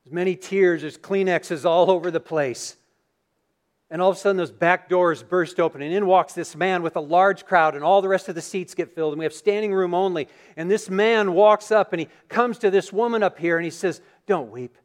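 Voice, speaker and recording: A pastor delivering a Sunday sermon, his voice sitting high for a man. He moves from reading scripture to vivid, animated storytelling, acting out the scene for the congregation. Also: fairly quick. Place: church sanctuary.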